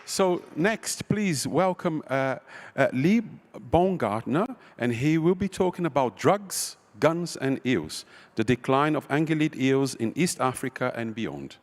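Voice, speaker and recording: A man's voice: mid-range voice, animated, a little slow, hardly any pauses, some chatter behind. A man chairing a session who introduces the next speaker briefly and with a few hesitant fillers.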